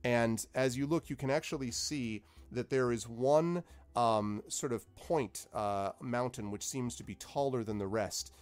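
A man's voice: mid-range voice, a little slow, no echo. A man narrating as game master of a tabletop game, rambling with many fillers.

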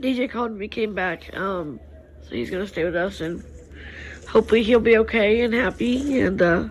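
A woman chatting casually in a rambling, folksy way, with filler words and soft laughs, speaking outdoors by a swimming pool. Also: mid-range voice, normal speed, a little hiss or hum, poor audio. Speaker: family vlogger. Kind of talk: casual chat.

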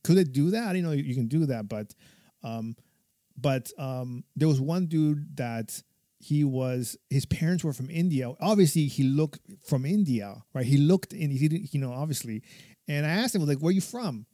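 A man's voice: medium pitch, moderate pace, mellow, no room sound, clean studio sound. A military veteran talking casually, rambling and swearing a lot, laughing often as he tells stories. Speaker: podcast guest or co-host, military veteran. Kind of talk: casual conversation, personal stories.

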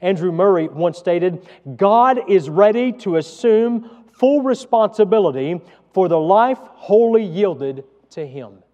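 A pastor preaching a sermon, swinging between loud emphasis and hushed asides. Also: male voice, sits high, expressive, unhurried, big-room sound, dull audio.

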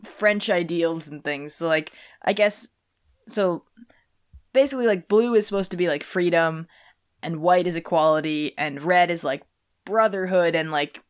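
Rambling young woman, low voice. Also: moderate pace, smooth. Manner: rambling, many fillers and restarts. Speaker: podcast host. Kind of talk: casual chat.

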